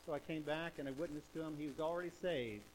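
This evangelistic preacher works in the old revival tradition, repeating points emphatically and moving from loud exhortation to hushed intensity. He speaks quickly in a voice on the high side. There's a little hiss or hum on the recording.

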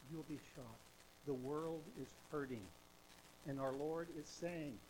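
A man preaching an evangelistic sermon in an old-fashioned revival style, with emphatic repetition and swings between loud exhortation and hushed intensity. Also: a little high, a little slow, slight background noise.

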